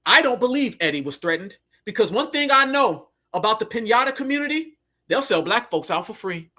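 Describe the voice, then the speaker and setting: Fiery high-voiced male commentator. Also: big pitch swings, brisk, bright, forceful tone. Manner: fiery, preachy, slangy. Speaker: commentator host. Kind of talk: heated social commentary.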